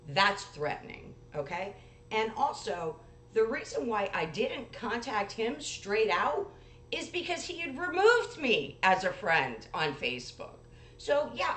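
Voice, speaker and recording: A woman's voice: medium pitch, fairly bright tone. A woman host who recounts a dispute to her viewers in a blunt, profane way, reading out messages with lots of expression. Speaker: paranormal channel host. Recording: echoey room with faint noise.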